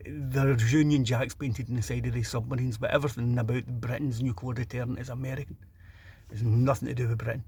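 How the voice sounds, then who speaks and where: A man's voice: medium pitch, gravelly, warm tone, a little hiss or hum. A middle-aged Scottish man delivering a blunt, ranting opinion monologue, stumbling over repeated restarts. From Scotland. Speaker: vlogger.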